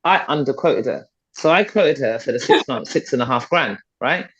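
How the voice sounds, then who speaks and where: Emphatic middle-aged woman, husky-toned. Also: extremely low pitch, lively intonation, normal speed. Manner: emphatic and persuasive, repeats points for stress. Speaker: guest, fitness and confidence coach. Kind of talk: motivational conversational talk. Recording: dull, slightly lo-fi podcast audio.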